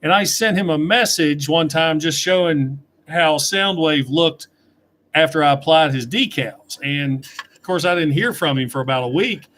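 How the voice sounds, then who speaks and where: A man's voice: fairly high pitch, normal speed, fairly bright tone, slight background noise. Chatty man reading live chat questions. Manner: chatty, reads out viewer questions. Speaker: toy reviewer answering live chat. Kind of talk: casual livestream chat.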